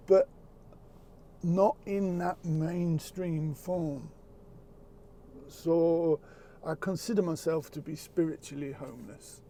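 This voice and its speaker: A man speaking earnestly in a reflective, casual chat, halting and repeating words as he goes, with the odd swear word. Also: a little high, warm tone, a little hiss or hum.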